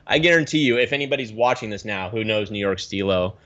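A man in his thirties from the Pacific Northwest, a guest telling his story in a casual interview with lively swings of pitch. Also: fast, muffled recording. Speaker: guest, reef aquarium YouTuber.

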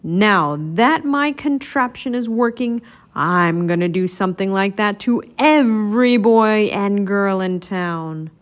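A woman's voice: mid-range voice, expressive, slow pace. A woman voicing a gloating, cackling male villain professor from a storybook.

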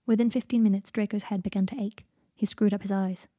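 A woman reading a story aloud in an even, steady narrating voice. Her tone is mellow and warm with a soft, breathy edge. The recording is close and dry with no room sound. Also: medium pitch, fast, no echo. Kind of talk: audiobook reading of fan fiction.

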